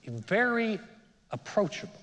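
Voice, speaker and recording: A man preaching in a church hall, his voice sitting a bit high for a man. The sound carries a long reverb from the big room. He tells the story in a conversational way and acts out the lines as he goes. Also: sing-song, moderate pace, a bit bright. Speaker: senior pastor. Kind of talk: sermon. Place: church auditorium.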